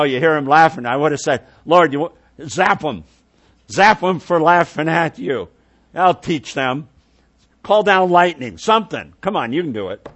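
A man preaching a sermon, unhurried, dropping to soft low tones for quoted words and swelling when he makes a point.

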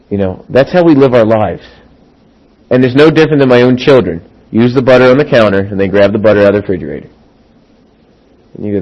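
Man, middle-aged pastor, sermon, animated, acts out voices, loud then quiet. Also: fairly low pitch, fast talker, pauses often, lo-fi sound. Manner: animated, acts out quoted voices, wide swings from loud to hushed.

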